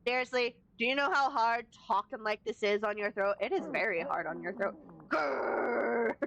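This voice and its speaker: A woman's voice: mid-range voice, fairly even intonation, brisk, hardly any pauses, fairly bright tone, dull audio. A woman streaming a game, chatting casually and reading the dialogue aloud with amusement. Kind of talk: casual gameplay commentary.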